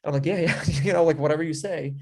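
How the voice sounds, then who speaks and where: A man with a fairly high, fast voice recounts a story while being interviewed in a relaxed chat. He wanders along with frequent "like" and "you know" fillers, voicing his earlier comments aloud.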